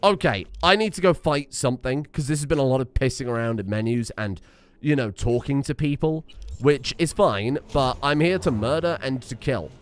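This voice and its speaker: A man's voice: mid-range voice, lively intonation, normal speed, clear, resonant tone. A man streaming a video game, rambling and self-mocking, swearing casually as he goes. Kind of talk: casual gameplay commentary.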